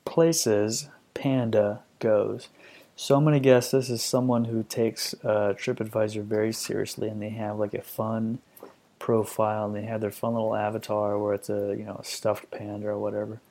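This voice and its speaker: Profane ranting podcast host, mellow voice. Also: male voice, lowish voice, flat delivery, moderate pace, gravelly. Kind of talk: comedic ranting commentary.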